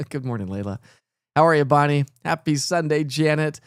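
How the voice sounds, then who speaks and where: A man's voice: on the high side, expressive, moderate pace, clean tone, no room sound, studio quality. A middle-aged man, hosting a casual live weather stream and greeting viewers by name. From East Tennessee.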